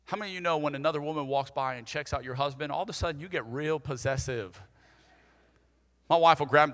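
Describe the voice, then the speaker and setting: Bright-voiced pastor, echoing hall. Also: male voice, on the high side, a little fast. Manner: energetic, conversational, leads call-and-response. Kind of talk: sermon.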